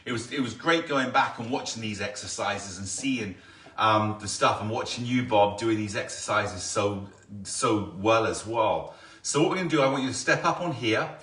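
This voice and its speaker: A man's voice: fairly low pitch, normal speed, a bit bright, recorded from a distance. Man coaching a balance workout, echoey room. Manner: counts reps aloud and coaches step by step. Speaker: balance fitness instructor. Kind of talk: live-streamed workout instruction.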